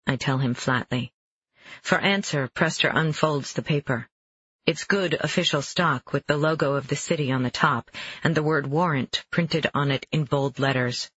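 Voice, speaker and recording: A man narrating a first-person novel in a measured, even storytelling voice, on a dull, dry recording. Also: on the high side, breathy edge, dry recording. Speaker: audiobook narrator.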